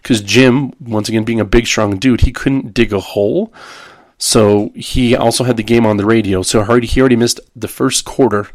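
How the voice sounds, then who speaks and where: A man's voice: medium pitch, steady tone, moderate pace, no room sound, clean studio sound. A man hosting a podcast, casually retelling a TV episode in a rambling way, with frequent ums and restarts. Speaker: podcast host.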